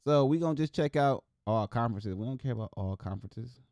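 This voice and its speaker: A man from Wisconsin hosts his own show alone, tossing out scores and quick opinions in loose slang. His voice sits at an ordinary middle pitch, and the sound is dry and close, with no room around it. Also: dry recording. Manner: loose, excitable, slangy, talks to viewers as y'all. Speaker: host. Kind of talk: casual solo commentary.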